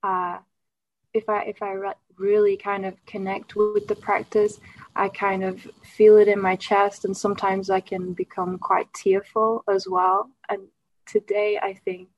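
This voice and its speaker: A woman's voice: mid-range voice, little pitch movement, measured pace. Hesitant woman sharing on a muffled video call. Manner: hesitant, reflective, many fillers. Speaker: meditation participant. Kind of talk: sharing in an online group.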